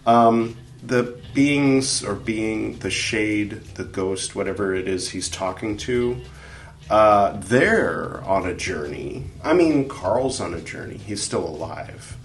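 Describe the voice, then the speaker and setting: A man's voice: lowish voice, slow. A man, the show's editor, chatting casually and working through his notes in a thoughtful, hesitant way. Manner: thoughtful, hesitant, with many fillers. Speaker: show editor and co-host. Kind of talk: casual chat, going over notes. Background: faint background music.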